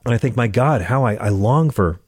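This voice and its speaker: A man's voice: medium pitch, expressive, a little fast, a little mellow, slightly rough, no room sound, studio quality. A man hosting a comedic political monologue, sarcastic and ranting, stammering as he gets worked up. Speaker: show host.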